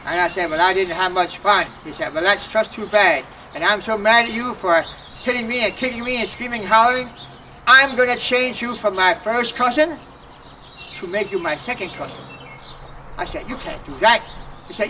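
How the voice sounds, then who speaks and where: A man's voice: sits high, moderate pace, pushed and bright, slight background noise. A man performing a folksy comic stage monologue at an outdoor folk festival, joking and mixing in dialect phrases. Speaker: festival entertainer. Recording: distant outdoor festival recording.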